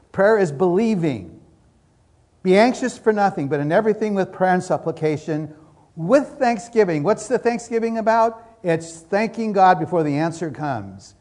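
A man's voice: fairly high pitch, darkish tone. A man preaching a sermon as pastor, fervent and repetitive, voicing prayers as he speaks.

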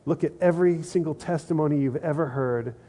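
A man's voice: a little high, fairly quick, warm tone. A middle-aged man preaching a sermon in an earnest, conversational way, repeating phrases for emphasis. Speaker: pastor.

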